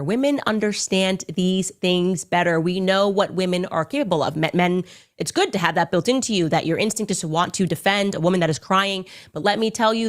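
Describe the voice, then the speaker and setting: Emphatic woman commentator, lowish voice. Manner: emphatic, accusatory, speculative. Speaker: political commentator. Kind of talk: opinion commentary. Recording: clip from an online show.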